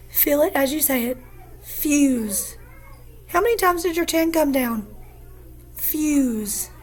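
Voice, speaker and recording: A woman teacher giving a phonics lesson, patient and encouraging, repeating each word slowly for young students. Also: high-pitched, slight background noise. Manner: slow, patient, encouraging, repeats words aloud.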